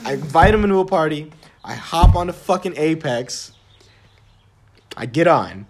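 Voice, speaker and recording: A man's voice: a little high, animated, moderate pace, noisy background. A young man in casual chat, telling a profane, ranting story and laughing often.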